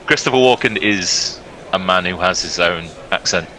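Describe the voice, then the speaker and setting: A male cricket commentator giving brisk, upbeat ball-by-ball commentary and laughing easily. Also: low voice, sharp tone, a little hiss or hum, low-quality recording.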